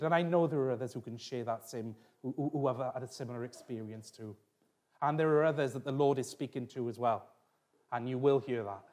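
A man's voice: mid-range voice, a little mellow. A middle-aged man preaching a sermon as pastor, telling a personal story with restarts and asides.

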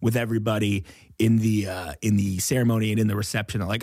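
A man's voice: lowish voice, steady tone, fast, a little mellow, no echo, studio quality. A man hosting a podcast, talking in a loose, laid-back way and often stalling on fillers. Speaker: podcast host. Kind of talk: casual podcast chat.

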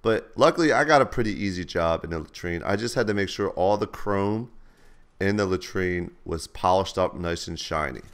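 A low-voiced man speaking at a normal pace hosts a gaming channel. Over gameplay, he tells relaxed, slangy stories.

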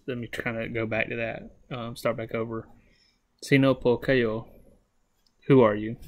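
Flat-voiced Southern man practicing phrases. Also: mid-range voice, creaky. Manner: halting, many restarts and ums, slow careful phrase repetition. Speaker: language learner vlogger. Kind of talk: casual self-taught language lesson.

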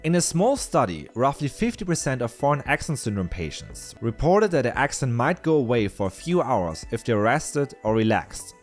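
A man's voice: mid-range voice, very animated, moderate pace, hardly any pauses, soft background music. A man hosting a science explainer, giving scripted narration in an explanatory, lightly playful way. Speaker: science video host.

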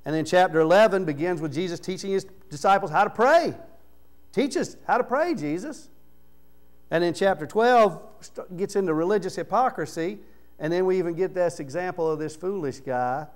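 A man preaching a sermon in church, talking conversationally and swinging from quiet low murmurs to loud, raised emphasis. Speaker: pastor. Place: church sanctuary.

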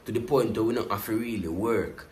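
A Jamaican man giving casual commentary as he reacts to a music video. He talks in patois, keeps looping back to the same catchphrase refrains, and stays animated throughout. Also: lowish voice, brisk, roomy sound.

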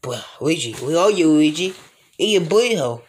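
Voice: medium pitch, lively intonation, moderate pace, slightly rough. A speaker improvising a plush toy role-play in a rambling, mumbly way, full of slang and filler sounds.

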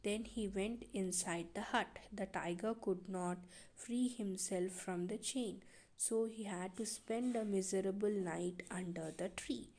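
A woman's voice: medium pitch, a little mellow. A woman with an Indian English accent, an English teacher reading a story aloud and explaining it line by line. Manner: slow, explanatory, repeats and paraphrases.

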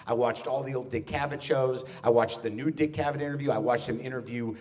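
A man, a comedian, telling a long story on a theater stage in front of a live audience, quickly slipping into voices of the people in it. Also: medium pitch. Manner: animated, does quick voices of people in his stories. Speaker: guest comedian. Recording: distant stage mic.

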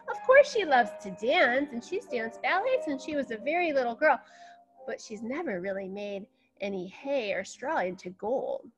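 A woman ballet teacher telling a fairy tale to young children and guiding them through dance steps with counting. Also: on the high side. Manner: slow, animated storytelling with counting instructions. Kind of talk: storytelling dance class for children.

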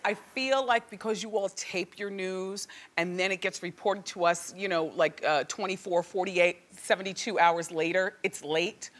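A woman hosting a talk show, chatting and gossiping to a live studio audience with lively exclamations. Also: mid-range voice, normal speed, hardly any pauses.

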